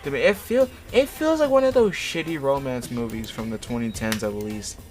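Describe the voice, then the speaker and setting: A man's voice: mid-range voice, lively intonation, moderate pace, faint music behind. A young man reading fanfiction aloud in a casual chat, sarcastic and stumbling over words.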